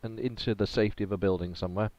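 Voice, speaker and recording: A man acting as game master of a tabletop game, chatting in a relaxed way and laughing often. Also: fairly low pitch, rapid-fire, no echo, dull audio. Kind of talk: running a tabletop game over voice chat.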